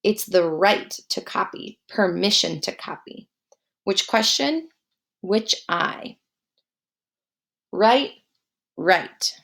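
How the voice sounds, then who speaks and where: A woman teaching a guided spelling lesson, dictating words slowly and spelling them out letter by letter. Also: mid-range voice, lively intonation, gravelly, a bit bright.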